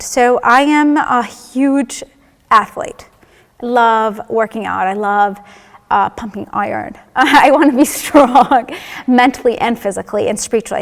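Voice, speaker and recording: Woman sharing a candid church testimony, slightly high voice, long hall reverb. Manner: candid storytelling, acting out dialogue. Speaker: church member giving a testimony. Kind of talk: personal testimony.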